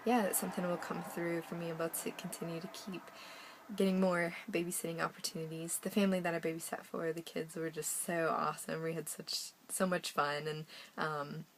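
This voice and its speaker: A woman's voice: lowish voice, flat delivery, fairly quick, a little hiss or hum, low-quality recording. A young American woman chatting casually in a video diary, rambling with lots of ums and little laughs. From United States. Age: young adult. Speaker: vlogger.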